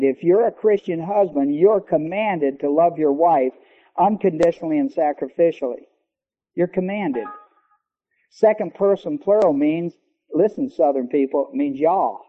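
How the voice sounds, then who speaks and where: A man preaching a sermon, teaching emphatically and slowing down to stress key words. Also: on the high side. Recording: long hall reverb, dull lo-fi sound.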